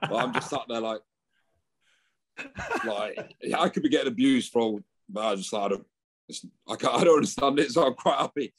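A young man chats easily as a podcast guest. He tells his stories at an ordinary pitch, laughing often. It is relaxed, informal talk. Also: brisk, creaky, slightly rough. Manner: chatty storyteller, laughs often. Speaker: guest rugby player. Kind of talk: casual podcast chat.

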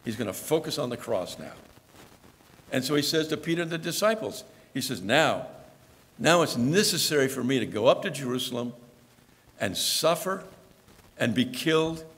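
A man's voice: medium pitch, expressive, moderate pace, pauses often, fairly bright tone, long reverb tail. A male pastor preaching a sermon in a conversational storytelling manner, acting out the lines he quotes. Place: church.

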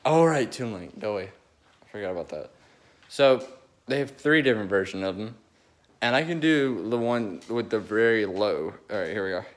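Young man, low-ish voice, rambling amateur impressionist, phone recording. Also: animated, moderate pace. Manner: rambling, restarts often, eager. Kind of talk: casual chat between impressions.

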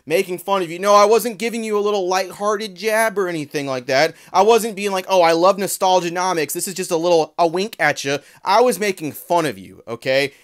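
A man delivering a heated, profane, sarcastic commentary rant in a vlog. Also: high voice. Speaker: trading card commentary creator.

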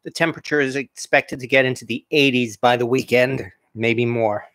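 A man from New England in the USA hosts a casual cooking livestream, chatting and chuckling as he tastes his dish and responds to viewer comments. His voice is medium-pitched, steady and a bit bright, at a moderate pace, with no echo.

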